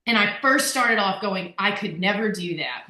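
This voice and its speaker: A woman co-hosting a workshop discussion, talking in an animated, rambling way and laughing often. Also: medium pitch, moderate pace. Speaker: workshop co-host. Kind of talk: casual group discussion. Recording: echoey room.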